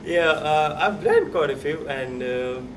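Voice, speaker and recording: A man's voice: a little high, animated, measured pace. Hesitant man, distant and noisy. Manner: hesitant, many uhs, laughs often. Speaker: interviewee, international worker. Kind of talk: casual interview answers.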